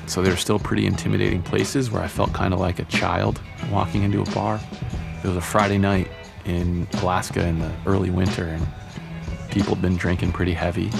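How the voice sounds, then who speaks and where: Deep, gravelly man telling a story. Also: fairly quick, over music. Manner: relaxed and conversational. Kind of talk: personal storytelling narration.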